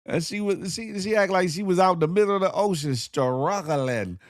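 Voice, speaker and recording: A man hosting a casual morning show, talking in a slightly raised voice with an animated, joking delivery. He laughs often between remarks, and the sound is dry and close. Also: high-pitched, normal speed, no echo. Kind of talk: casual commentary.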